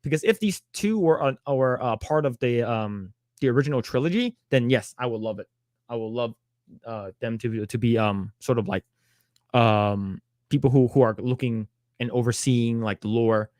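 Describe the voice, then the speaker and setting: A man co-hosting a casual talk show, reading headlines and then commenting on them. His voice sits at a middle pitch, and the sound is close and dry with no room around it. He often stalls on repeated words and fillers such as "uh.". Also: moderate pace, darkish tone, no room sound. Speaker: podcast co-host. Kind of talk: casual chat reading news.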